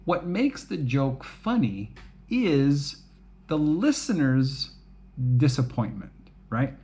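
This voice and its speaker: A man explaining things to English learners at a slow, easy pace. His voice sits a bit high for a man. He keeps it relaxed and chatty, checking in with "right?" and laughing at his own jokes. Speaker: English teacher.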